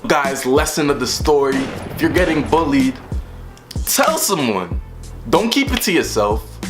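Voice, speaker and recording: A young man telling a storytime vlog in an animated way, acting out the voices of the people in his story. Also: a little high. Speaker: vlogger.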